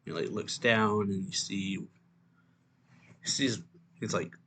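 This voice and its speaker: Low-voiced man recapping a comic chapter. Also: pushed and bright, slight background noise. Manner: loose, halting retelling with fillers. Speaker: manga reviewer.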